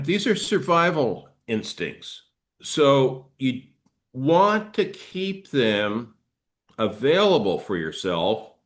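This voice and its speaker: Man, middle-aged, trauma therapist, guided movement lesson, slow gentle delivery, mid-range voice. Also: medium pitch. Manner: slow, gentle, explanatory, acts out reactions.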